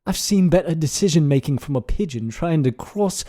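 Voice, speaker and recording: An exasperated male British news anchor, done by a man in a put-on accent, scolds someone with theatrical, over-the-top outrage. The voice is mellow and a little higher than an average man's. It is a comic podcast bit. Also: lively intonation, normal speed. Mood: exasperated scolding. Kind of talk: comedic accent challenge on a podcast.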